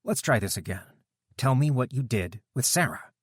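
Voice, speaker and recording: A man's voice: medium pitch, lively intonation, moderate pace, breathy edge, dry recording, studio quality, voice pushed up. A man voicing a determined young man who interrogates captors coldly in an audiobook. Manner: cold, commanding, relentless. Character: determined young man hunting kidnapped fiancée.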